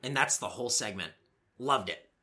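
A man's voice: medium pitch, moderate pace. A man co-hosting a podcast, casually recapping wrestling shows with swearing and playful acted-out quotes. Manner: animated, swearing, acts out quoted lines. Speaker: podcast co-host.

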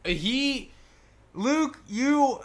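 A man's voice: very high voice, lively intonation, drawn-out words. A man co-hosting a casual podcast, joking with short, dry replies. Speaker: podcast co-host.

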